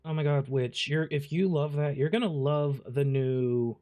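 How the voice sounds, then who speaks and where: Profane, animated male gaming streamer. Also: on the high side, a little slow, narrow, tinny audio. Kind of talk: casual gameplay commentary.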